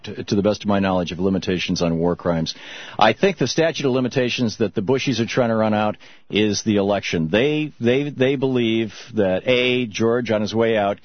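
Middle-aged male talk-radio host, low and husky, dull dry broadcast audio. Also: no echo. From Michigan, US. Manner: reflective storytelling, halting with restarts.

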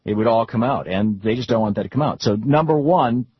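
A husky, slightly breathy middle-aged man talking politics in an unscripted, rambling way, often stumbling and restarting mid-phrase. The sound is dry with no room around it, on a dull, lo-fi recording. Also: mid-range voice, a little fast, no room sound. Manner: rambling, frequent restarts and repeated words. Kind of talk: unscripted political talk with anecdotes.

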